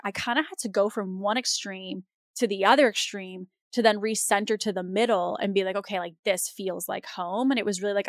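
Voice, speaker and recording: A woman hosting a podcast, talking in a casual, animated and rambling way with lots of fillers. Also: mid-range voice, no room sound, studio quality. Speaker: podcast host. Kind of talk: casual conversational interview.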